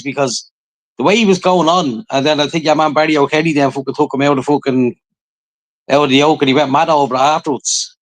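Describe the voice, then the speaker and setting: An Irish man with a fairly high voice talks casually on a podcast. He swears freely and tells his stories in an animated way. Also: fast talker, low-quality recording. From Ireland. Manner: swears often, animated storytelling. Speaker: podcast co-host. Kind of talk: casual chat.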